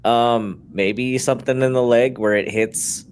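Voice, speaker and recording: A man who is a guest on a comedy podcast answers a question slowly and hesitantly, restarting as he thinks it through. His voice is in a middle pitch and plainly conversational. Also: steady tone, darkish tone, smooth, faint music behind. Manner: hesitant, thoughtful.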